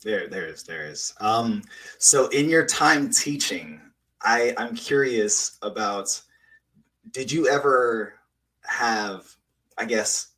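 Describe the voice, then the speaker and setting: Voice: mid-range voice, lively intonation, slow pace, a bit bright, recorded from a distance, low-quality recording. A host asking rambling, hesitant questions in a casual interview.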